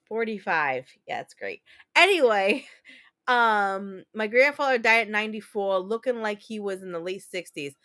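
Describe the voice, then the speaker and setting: A woman's voice: medium pitch, expressive, normal speed, bright, forceful tone. A woman in her thirties hosting a casual livestream chat, talking candidly and profanely as she tells stories and answers viewer comments. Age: 30s. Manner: candid, profane, chatty storyteller. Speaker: livestream host.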